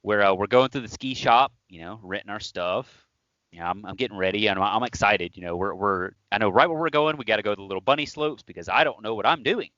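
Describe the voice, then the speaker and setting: A man's voice: lowish voice, fast, no echo, lo-fi sound. A man co-hosting a podcast, telling a story in casual chat, acting out quotes and laughing. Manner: animated, laughing, acts out quotes. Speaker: podcast co-host.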